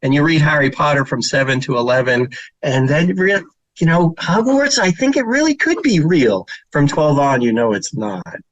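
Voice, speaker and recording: Slightly high and animated at a moderate pace, this middle-aged child therapist presents with slides, recorded dry and lo-fi. His storytelling is informal and full of fillers, and now and then he imitates children's voices.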